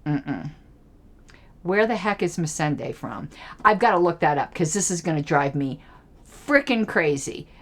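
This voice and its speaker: Chatty woman with lively pitch. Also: a little slow. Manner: rambling, laughs often, talks to herself while trying to recall names. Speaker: political commentary channel host. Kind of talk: casual solo TV episode discussion.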